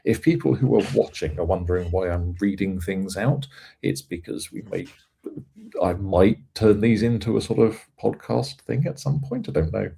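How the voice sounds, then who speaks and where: A man's voice: low voice, moderate pace, vocal fry, dark tone, a little hiss or hum. A man hosting a live coding stream, chatting playfully and casually. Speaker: host.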